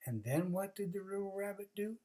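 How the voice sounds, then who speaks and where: A storyteller casually reading a children's book aloud, with chatty asides and expressive narration. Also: medium pitch, a little fast. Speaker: storybook reader.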